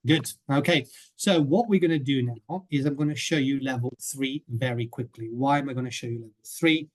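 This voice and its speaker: Over a video call, a male teacher trainer walks webinar viewers through a coursebook in a medium-pitched voice at normal speed. His manner is chatty, and he often checks in with a quick "okay?"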